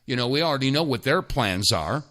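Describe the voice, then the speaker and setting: Talk radio host guy, sarcastic and emphatic, pitch jumps all over, kinda bright. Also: animated, a little fast. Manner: sarcastic, emphatic, rambling with restarts.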